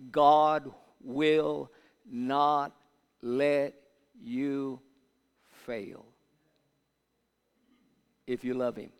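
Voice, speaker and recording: A man's voice: mid-range voice, smooth. Older male preacher in a reverberant hall. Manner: builds from quiet teaching to shouted call-and-response. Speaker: pastor. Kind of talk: sermon.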